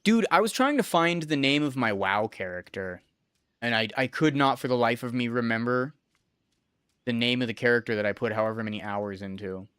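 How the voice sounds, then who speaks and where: This is a young adult man streaming a game, his mid-range voice brisk, smooth and fairly bright. The recording is dry with a clean studio sound, and he rambles profanely, chatting with viewers in casual commentary.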